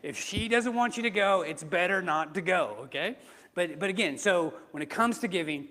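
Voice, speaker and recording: Pastor, male, slightly high voice; casual sermon delivery with rhetorical questions, reverberant sanctuary. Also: animated, normal speed, pushed and bright. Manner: conversational preaching with rhetorical questions. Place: church sanctuary. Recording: reverberant church hall.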